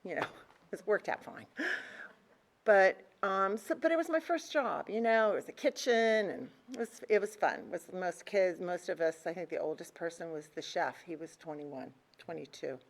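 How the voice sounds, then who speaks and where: An older woman telling her life story to a recovery meeting, candid and conversational, with restarts and soft laughs. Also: on the low side, lively intonation, normal speed. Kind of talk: personal story told to a group.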